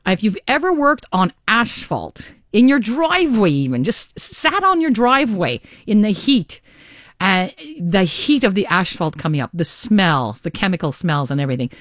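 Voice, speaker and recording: A middle-aged woman hosting a radio car show, talking in a chatty, energetic, caffeinated way into a studio mic. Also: medium pitch, dry recording. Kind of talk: upbeat radio talk. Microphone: studio microphone.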